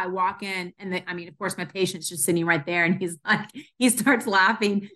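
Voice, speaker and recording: A woman's voice: on the low side, fairly quick, few pauses. A woman hosting a casual staff chat, telling funny work stories with lots of laughter and fillers. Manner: animated, laughing often, many fillers. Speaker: physical therapy clinic owner hosting staff podcast.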